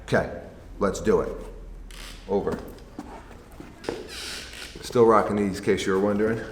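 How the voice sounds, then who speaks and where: A man's voice: on the low side, steady tone, measured pace, a little hiss or hum. A man who hosts a sneaker vlog, talking casually and rambling with jokes and restarts. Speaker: sneaker vlogger. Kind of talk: casual chat. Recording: roomy echo with long reverb.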